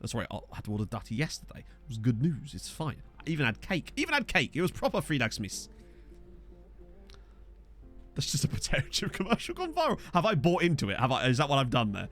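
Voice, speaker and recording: A man streaming a football management game, rambling and riffing with his chat between excitable outbursts. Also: medium pitch, fast talker, faint music behind.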